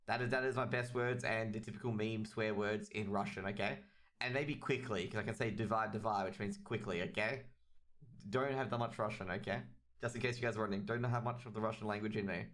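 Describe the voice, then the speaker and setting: A man's voice: fairly low pitch, steady tone, brisk, fairly bright tone. A man with an Australian accent giving chatty, rambling solo commentary on a livestreamed match and talking straight to his chat. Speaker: esports caster.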